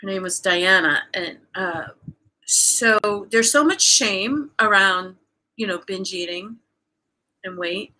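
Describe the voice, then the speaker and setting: A woman speaks as a guest in a relaxed, conversational exchange, with a bright, forward tone. She tells a personal story openly, leaning on fillers like "um" and "you know" and restarting her sentences as she goes. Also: mid-range voice, takes it slowly. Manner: candid, storytelling with frequent fillers. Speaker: guest, coach. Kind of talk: casual conversation.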